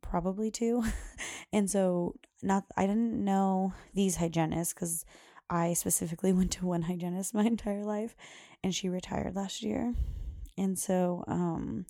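Gravelly young mom chatting casually. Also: female voice, medium pitch, steady tone, a little slow, warm tone, no room sound, clean studio sound. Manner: chatty, full of fillers and quoted dialogue. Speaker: podcast host. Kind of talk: casual storytelling chat.

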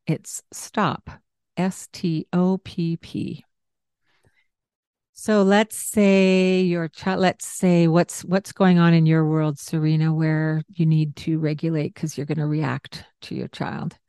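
A woman's voice: sits low, little pitch movement, slow pace, clean tone, dry recording, clean studio sound. A woman hosting a parenting talk, explaining ideas in a conversational teaching style with everyday examples. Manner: explains warmly with examples and asides. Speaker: parenting podcast host.

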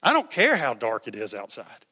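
A man preaching a conversational, animated sermon with jokes in a church. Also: medium pitch, normal speed, husky, long reverb tail. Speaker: pastor. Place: church sanctuary.

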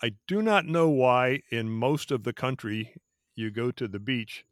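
A man's voice: medium pitch, lively intonation, a little slow, clear, resonant tone, no echo, clean studio sound. A man from the Philadelphia area hosting a casual running podcast in a friendly, folksy way. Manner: friendly, folksy, asks questions to the group. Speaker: podcast host. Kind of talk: casual chat.

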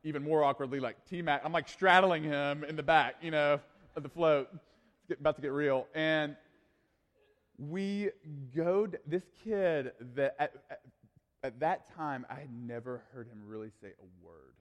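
Animated male youth pastor in echoing hall. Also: on the high side, unhurried. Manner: animated, casual storytelling with frequent fillers. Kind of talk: storytelling sermon.

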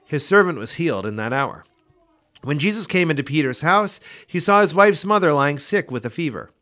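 A man reading Bible passages aloud for a daily scripture podcast, in a measured, expressive way. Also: a little high. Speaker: scripture reader.

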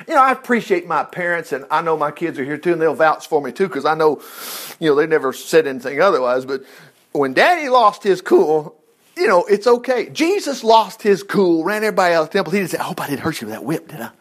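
Animated, high-voiced folksy preacher man. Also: fairly quick. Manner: animated, folksy, chuckling asides. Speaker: pastor. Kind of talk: informal sermon.

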